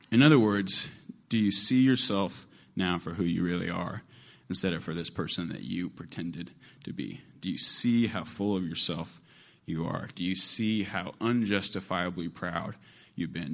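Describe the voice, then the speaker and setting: A preacher voicing Jesus, probing and earnest. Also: male voice, low voice, gravelly. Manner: searching, pressing questions. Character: Jesus, a calm man probing a friend.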